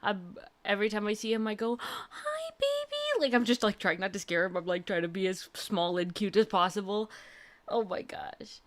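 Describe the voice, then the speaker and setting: A woman's voice: mid-range voice, steady tone, fairly quick. A young woman hosting a livestream, chatting casually and gushing through a personal story with lots of fillers. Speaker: livestream host.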